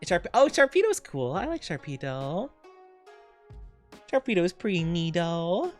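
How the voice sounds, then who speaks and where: Bubbly, lively-voiced young man streamer. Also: high-pitched, a little slow, soft background music. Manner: bubbly, rambling, giggly, reads chat aloud. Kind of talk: casual live-stream chat.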